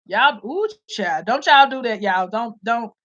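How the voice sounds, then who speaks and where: High, bright-voiced woman riffing to viewers. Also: a little slow, lo-fi sound. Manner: animated, profane, laughs often, talks straight to viewers. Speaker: vlogger. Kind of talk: casual comedic commentary.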